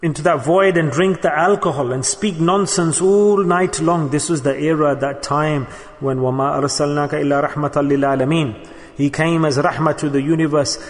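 A preacher with a somewhat high voice gives a sermon, shifting between stories and recited Arabic verses. A long reverb trails his words, as though he's in a large hall.

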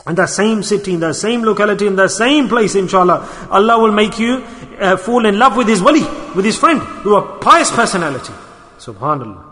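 A man delivers an exhorting sermon in a bright, forceful voice, sprinkling his English with Arabic and Urdu religious words. He keeps pressing his listeners with rhetorical questions. His voice rings on in a long hall reverb. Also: high voice, lively intonation, fairly quick. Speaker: preacher.

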